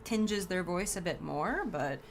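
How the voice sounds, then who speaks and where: Female co-host, lower register, brief and dry, livestream chat. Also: animated, measured pace, gravelly, slight background noise. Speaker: co-host reading questions.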